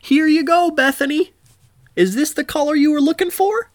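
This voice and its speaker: Man putting on a high falsetto, cheery older fabric-store lady, sugary and helpful, dry close sound. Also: normal speed, no room sound. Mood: chirpy.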